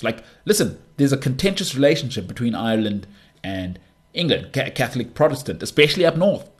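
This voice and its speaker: A man hosting a sports talk show, ranting emphatically and with exasperation, repeating words for stress. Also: medium pitch. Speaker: podcast host. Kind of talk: solo sports talk rant.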